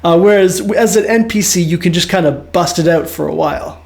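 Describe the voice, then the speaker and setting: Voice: mid-range voice, a little fast, creaky, darkish tone. A podcast host interviewing a guest, curious and asking follow-up questions.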